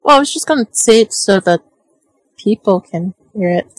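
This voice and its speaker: A woman's voice: mid-range voice, animated, normal speed, no room sound, rough recording. A woman playing a tabletop role-play game, talking casually and trailing off as she explains herself. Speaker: player.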